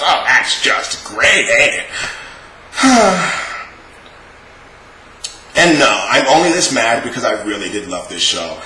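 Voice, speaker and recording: A man's voice: mid-range voice, sharp tone, slight background noise. Sarcastic man ranting in an echoey room. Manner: exasperated, profane, sarcastic. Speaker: show reviewer. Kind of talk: casual ranting review.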